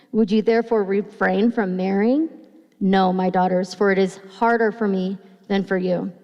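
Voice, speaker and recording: A woman's voice: mid-range voice, a little mellow. Nervous woman pastor preaching in an echoing church. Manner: nervous, reads slowly with halting restarts. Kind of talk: sermon with scripture reading. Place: church sanctuary. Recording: long hall reverb.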